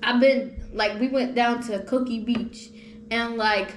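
Animated young woman, echoey room. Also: a little high, unhurried. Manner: animated storytelling with slang. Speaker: podcast host. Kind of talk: casual chat. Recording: echoey room with faint noise.

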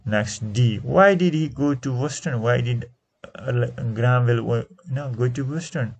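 A man with a Nepali accent teaching an English lesson, repeating each answer slowly and switching into Nepali to explain. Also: medium pitch, husky.

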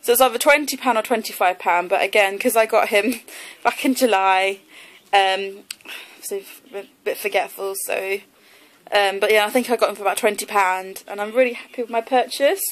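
A woman's voice: medium pitch, normal speed, low-quality recording. A young woman in her twenties talks through her haul in a loose, rambling way. She fills her sentences with plenty of ums and likes. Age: 20s. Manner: chatty and rambling, many fillers like um and like. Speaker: vlogger. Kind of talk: casual haul video.

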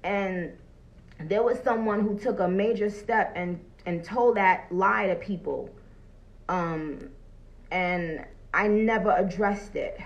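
A woman, streaming live from her phone. Her voice is gravelly, and she talks loud, salty and animated. She breaks off often to greet her viewers. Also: medium pitch, slow, highs cut off. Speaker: livestream host. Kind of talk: casual livestream talk.

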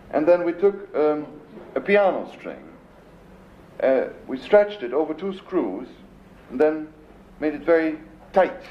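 A man with a German accent lectures to a live audience and often stops to hunt for the right English word. His voice is fairly high and lively and swings up and down in pitch. The 1970s recording is dull and roomy, with a faint hiss. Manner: searching for words, imitating sounds with his voice. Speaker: composer lecturing. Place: lecture hall.

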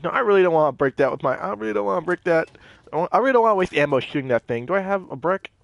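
A young man giving animated gameplay commentary, talking to the characters on screen as he plays. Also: high-pitched, racing, gravelly, no room sound, highs cut off. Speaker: gaming channel host.

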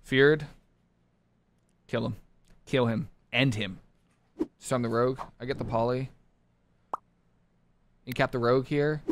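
A man streaming a competitive online game live, talking his teammates through the match in short clipped callouts and bursting into excited shouts. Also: mid-range voice, a little hiss or hum. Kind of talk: live gameplay commentary.

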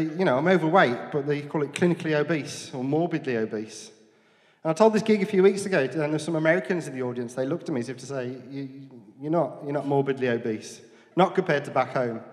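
A man in his forties from Dudley talks in a Black Country accent, working a comedy club crowd with dry, self-deprecating jokes. His voice sits a touch higher than most men's, carried over a handheld mic. The room leaves a long reverb on every line. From Dudley, England. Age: 40s. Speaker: stand-up comedian. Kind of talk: stand-up set.

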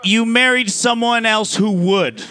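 A man's voice: high-pitched, unhurried, noisy background. A man doing a stand-up comedy routine in a casual, profane style, full of "like" fillers.

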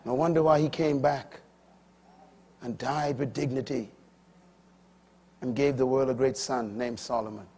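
A man in his fifties preaching a sermon, emphatic, moving between loud declarations and quiet asides. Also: medium pitch, fairly even intonation, measured pace, long pauses, breathy edge.

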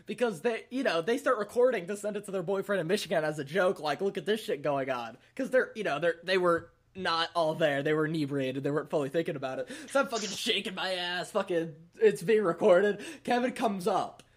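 A man's voice: high-pitched, fairly quick, hardly any pauses. A young man casually telling a rambling, profane party story on a podcast, laughing often. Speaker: podcast host.

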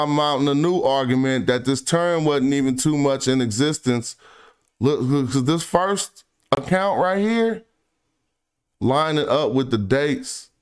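A man with a speech pattern talks through his research in a relaxed, off-the-cuff way. His voice is smooth and resonant at a middle pitch. He reads passages slowly and trails off into low, quiet asides. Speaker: independent researcher presenting online. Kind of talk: casual screen-share research commentary.

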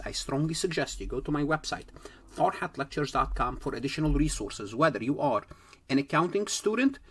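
A man's voice: mid-range voice, slightly rough. A man teaching an accounting lecture to students, explaining step by step and repeating key points for emphasis. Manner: speaks directly to students, pauses on key terms. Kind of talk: recorded lecture.

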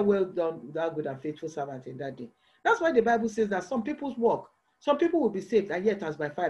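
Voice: medium pitch, a little mellow. A preacher delivering a church sermon, pressing the listeners with repeated rhetorical questions.

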